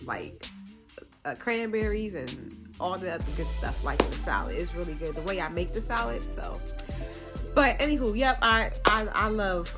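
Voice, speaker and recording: Woman, fashion vlogger, casual Q&A chat, upbeat, chatty, lots of "like" fillers, faint music behind. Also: medium pitch. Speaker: fashion influencer and vlog host.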